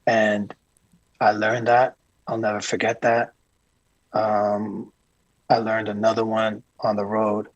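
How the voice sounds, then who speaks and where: A man being interviewed as a guest, a tour manager telling calm, earnest stories with frequent restarts. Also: fairly low pitch, slow, long pauses, dry recording, muffled recording. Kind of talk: casual interview chat.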